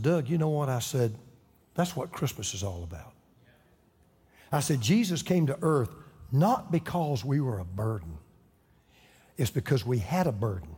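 A man's voice: mid-range voice, mellow, breathy edge. Man preaching in a reverberant hall. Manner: emotional, builds to fervent preaching. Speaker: pastor. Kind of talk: storytelling sermon.

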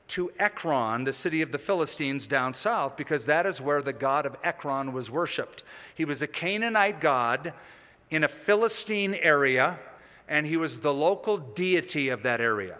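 Guy preaching, kinda high voice, retells the story like a storyteller, lots of hall reverb. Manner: storytelling, animated, acts out the figures' lines. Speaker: pastor. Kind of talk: sermon.

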